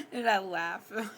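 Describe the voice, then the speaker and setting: Woman streamer, easygoing chat, slow and giggly storyteller. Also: medium pitch, fairly bright tone, a little hiss or hum. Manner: laughs often, giggly, rambling. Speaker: livestreamer.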